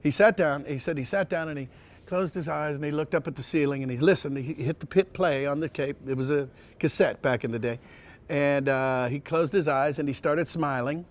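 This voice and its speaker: A male voice actor telling casual anecdotes in an interview, rambling with many restarts and sliding into quick impressions. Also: on the high side. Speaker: voice actor guest.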